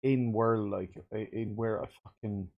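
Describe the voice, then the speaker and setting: A man's voice: fairly low pitch, steady tone, a little slow, muffled recording. A man streaming game development, swearing and muttering in frustration as he follows a tutorial. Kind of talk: casual game dev livestream.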